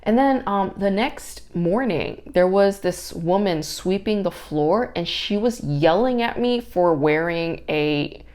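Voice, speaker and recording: A woman's voice: on the low side, slow pace, few pauses. A young woman hosting a podcast, telling a story casually with lots of swearing and exasperated ranting. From New York area. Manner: profane, exasperated, animated ranting. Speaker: podcast host.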